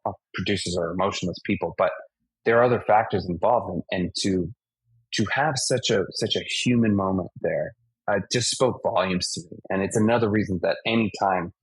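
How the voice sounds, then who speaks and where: A man in his forties from Massachusetts, a stunt performer telling animated stories in an interview and acting out the impacts. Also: sits low, husky, no echo, rough recording. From United States (Massachusetts). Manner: animated anecdotes, acts out impacts and sound effects. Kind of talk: casual storytelling interview.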